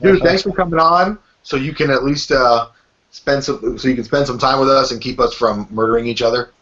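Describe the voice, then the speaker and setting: A man hosting a podcast with dry, self-mocking humor, speaking haltingly with many fillers. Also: mid-range voice, fairly bright tone. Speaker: podcast host. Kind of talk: casual podcast chat. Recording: dull lo-fi remote call audio.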